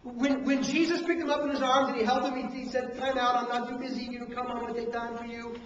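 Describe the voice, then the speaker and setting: A man preaching a sermon on parenting, switching between acted-out scolding and hushed emphasis, recorded from a distant camcorder. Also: extremely high pitch, fast, a little hiss or hum. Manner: animated preaching, acts out parents and coaches, drops to hushed emphasis. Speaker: pastor. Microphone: handheld camcorder from the room. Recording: echoey hall, distant camcorder mic, dull sound.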